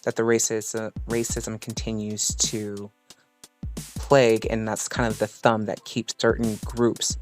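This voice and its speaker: A man's voice: on the low side, flat delivery, unhurried, faint music behind. A man in a casual group discussion, working through his thoughts aloud with hesitant fillers. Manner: thinking aloud, hedging with fillers. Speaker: panel guest.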